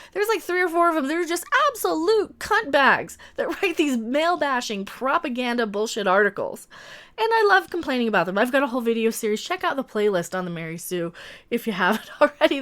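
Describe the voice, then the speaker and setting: A woman's voice: fairly high pitch, fairly bright tone. A woman commentator reading and mocking an article in a profane, sarcastic rant full of exaggerated exclamations. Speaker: online commentator reacting to an article.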